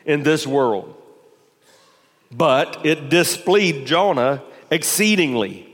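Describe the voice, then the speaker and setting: A male pastor delivers a sermon in a slightly high voice, pressing his points with rhetorical questions. His voice rings out with a long reverb, as in a large church sanctuary. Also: lively intonation, slow. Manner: preaching with rising intensity and rhetorical questions.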